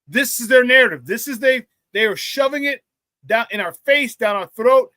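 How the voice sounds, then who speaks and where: High, bright-voiced ranting sports host. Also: male voice, normal speed, no echo. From Chicago area. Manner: blunt, ranting, laughs often at his own jokes. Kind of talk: live-stream sports talk, reading chat comments.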